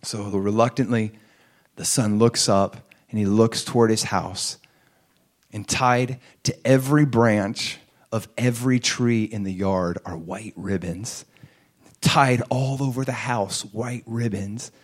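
A man's voice: lowish voice, takes it slowly. Man preaching a sermon story. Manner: acts out quoted voices, swings between hushed and raised. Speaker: pastor.

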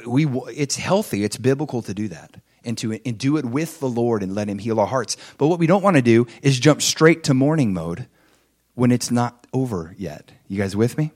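A man's voice: animated, moderate pace. A man preaching a conversational sermon, telling stories, asking the congregation questions and acting out the people in them. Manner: acts out quoted people with big swings in pitch and loudness. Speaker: pastor.

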